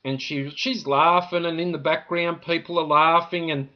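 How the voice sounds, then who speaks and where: A man's voice: fairly high pitch, fairly even intonation, moderate pace, highs cut off. A man from Australia with an Australian accent, rambling indignantly to camera about a complaint, with lots of "you know" fillers. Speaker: vlogger.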